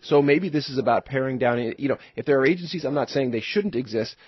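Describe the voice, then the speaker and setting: Husky-voiced male radio talk show host. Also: mid-range voice, fast, no room sound. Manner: chatty, rambling with restarts. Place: radio studio. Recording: slightly dull radio broadcast audio.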